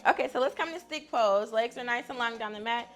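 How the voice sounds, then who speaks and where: A woman's voice: on the high side, fairly quick, soft background music. A woman guiding a stretching class in an upbeat, chatty way, often laughing as she talks. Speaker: fitness instructor.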